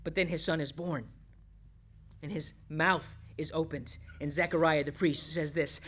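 Animated preacher asking rhetorical questions. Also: medium pitch, measured pace. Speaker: pastor. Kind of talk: sermon.

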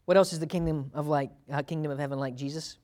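A man's voice: fairly high pitch, fairly even intonation, fast, a little mellow. A man teaching a Bible sermon in a conversational way, laughing often and acting out quotes with a lifted voice. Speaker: preacher.

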